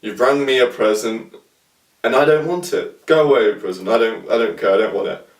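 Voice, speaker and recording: A young man voicing a calm, patient monk in a retold story, gentle and questioning. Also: mid-range voice, fairly quick, natural voice. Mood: calm rebuke. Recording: roomy sound from a distant mic.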